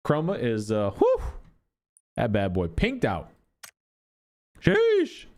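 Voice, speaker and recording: A male content creator walks through game cosmetics in a loose, casual way. His pitch jumps around a lot as he rants. He swears freely and sounds exasperated. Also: normal speed. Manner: animated, exasperated ranting with profanity.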